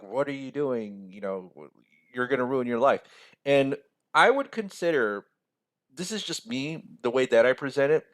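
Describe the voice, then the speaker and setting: A man's voice: medium pitch, a bit bright. A man with an American accent hosting a casual finance explainer, talking in a chatty, rambling way and asking "right?" often. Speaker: financial mentor, video host.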